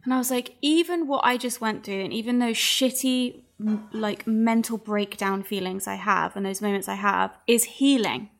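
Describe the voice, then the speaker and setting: A woman's voice: medium pitch, moderate pace, vocal fry, few pauses. A woman talking candidly in a casual chat, emotional and rambling, swearing freely as she opens up.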